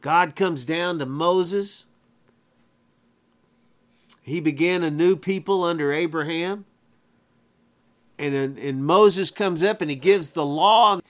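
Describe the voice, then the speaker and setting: A male preacher delivering a sermon at an unhurried, deliberate pace. His voice sits a little higher than most men's, and he hammers points home by repeating his phrases. The wording is plain and folksy.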